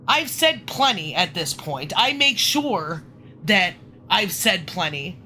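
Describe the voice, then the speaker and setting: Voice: mid-range voice, big pitch swings, measured pace, pushed and bright, a little hiss or hum. A livestream host in casual conversation, frustrated and swearing a lot, breaking off and restarting sentences. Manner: frustrated, profane and swearing often.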